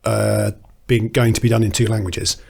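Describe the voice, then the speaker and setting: A man's voice: lowish voice, little pitch movement, moderate pace, vocal fry, a little mellow, slightly rough. A man chatting on a podcast as a guest, with dry, self-deprecating humor. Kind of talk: casual podcast chat.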